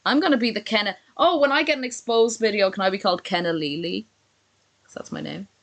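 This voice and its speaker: A woman's voice: mid-range voice, quick pace. A woman chatting casually on a live stream, sarcastic and chatty as she reacts and reads messages aloud.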